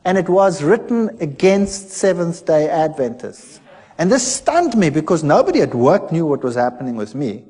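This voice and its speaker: A man's voice: fairly high pitch, a little mellow, big-room sound. A middle-aged man, a former lecturer, telling his story animatedly and acting out the dialogue. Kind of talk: personal testimony talk.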